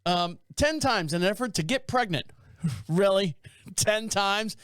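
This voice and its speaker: A man's voice: sits high, animated, unhurried, a bit bright, clear, resonant tone, dry recording, studio quality. A man hosting a podcast, reading news stories aloud and riffing on them in a rambling, joking way. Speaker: podcast host. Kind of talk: casual podcast monologue.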